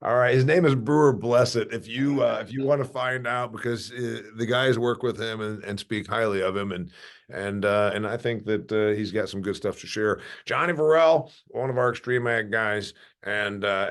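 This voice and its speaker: Low-voiced animated male podcast host. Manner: animated, restarts often. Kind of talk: casual interview.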